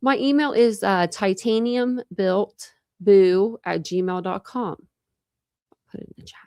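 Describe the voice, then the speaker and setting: A woman's voice: medium pitch, slow, dark tone, smooth, no room sound, studio quality. A young woman hosting a casual true crime livestream, tired and rambling with many fillers. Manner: rambling, lots of fillers and restarts. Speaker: true crime channel host. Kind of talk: casual livestream chat with viewers.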